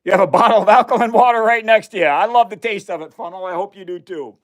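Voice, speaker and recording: An American man fast-talks through a casual chemistry livestream in a high-pitched voice, conducting experiments, chatting with viewers, and laughing often.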